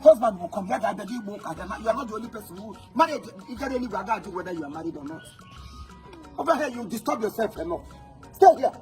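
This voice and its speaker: A Nigerian man acting as an angry father in a comedy skit, scolding loudly and mixing English with Igbo in sing-song taunts. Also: high voice, animated, rapid-fire, faint music behind.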